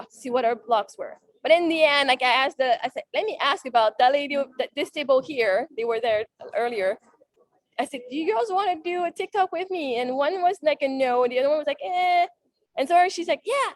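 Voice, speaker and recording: High-voiced chatty woman host. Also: no echo. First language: French. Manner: chatty and animated, retelling conversations in quick asides. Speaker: podcast host. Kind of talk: casual monologue to a live audience. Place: event salon.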